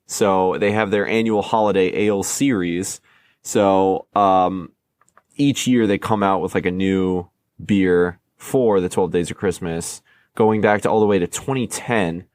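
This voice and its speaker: American dude on a beer podcast, kinda low voice, goofy and self-mocking, dry sound. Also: male voice, fairly even intonation, a little slow, a little mellow, no echo. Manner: playful, laughs at himself, stumbles over names. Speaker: podcast co-host. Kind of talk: casual chat.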